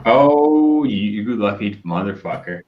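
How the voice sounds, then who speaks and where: A man's voice: fairly low pitch, lively intonation, a little slow, echoey room, phone-quality sound. A man co-hosting a casual livestream, swearing freely and apologizing often while reading out chat. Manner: profane, apologetic, reads chat aloud. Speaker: co-host on a whiskey stream.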